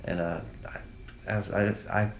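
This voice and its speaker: The victim's brother, appearing as an interview guest, recalls family memories in a casual, emotional, rambling way full of fillers and restarts. His voice is on the low side with vocal fry, a level tone and a slightly slow pace. The audio is dull, with a little hiss or hum.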